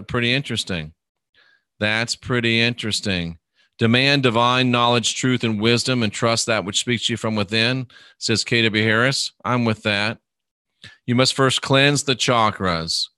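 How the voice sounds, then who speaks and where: A man hosting a live podcast, reading viewer comments and answering questions in an unhurried, conversational way, often trailing off softly at the ends of phrases. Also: mid-range voice, smooth, no room sound, clean studio sound. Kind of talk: casual live podcast chat.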